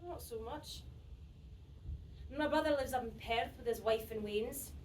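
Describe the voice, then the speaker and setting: Woman doing a prickly scottish lady patient, high voice, teasing and blunt, faint background hum. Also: natural voice. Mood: wistful. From Scotland. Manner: blunt, teasing, quick retorts. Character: stubborn sharp-tongued Scottish woman hospital patient. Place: theatre stage. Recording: echoey stage audio from far off.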